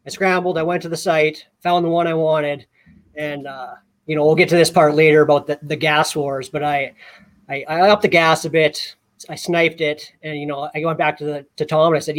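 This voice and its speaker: A man co-hosting a casual podcast, telling a story in an animated way with many repeated words. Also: fairly high pitch, moderate pace. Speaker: podcast co-host.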